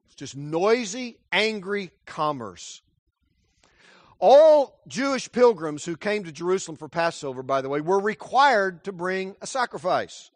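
Male preacher, sermon, high voice, dry close sound, dramatic storytelling. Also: sing-song, measured pace, no room sound. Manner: dramatic storytelling, wide swings from loud to hushed.

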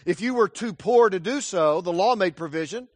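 Brief: a man delivering a sermon in a high, dry voice with dramatic swings from loud to hushed. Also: lively intonation, normal speed, no room sound. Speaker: preacher.

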